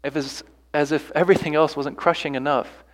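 Man, pastor, sermon, earnest, rhetorical questions, fairly high voice, long reverb. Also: fairly even intonation, brisk. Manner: earnest preaching with rhetorical questions and repeated phrases.

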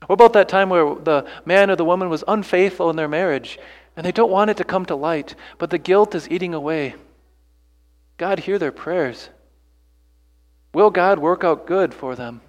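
A man's voice: high-pitched, moderate pace, in a large hall. A man preaching a sermon earnestly, pressing his listeners with rhetorical questions and repeated phrases. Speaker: pastor.

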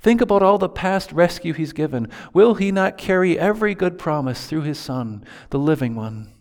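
A pastor delivers a sermon in an earnest, steady way. His voice sits a touch higher than most men's, and he drops into quoted prayers as he preaches. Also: normal speed.

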